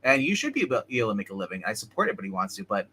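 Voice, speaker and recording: A man co-hosting a casual livestream, talking in quick bursts with lots of restarts. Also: on the low side, husky. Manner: quick, animated, stumbling restarts. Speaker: livestream co-host.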